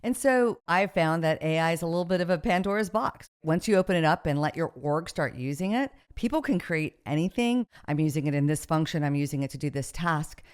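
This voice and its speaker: A woman's voice: deep voice, lively intonation, brisk, few pauses, smooth. A woman hosting an interview podcast, talking conversationally and affirming her guest often. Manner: conversational, frequent affirming backchannels. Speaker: podcast host.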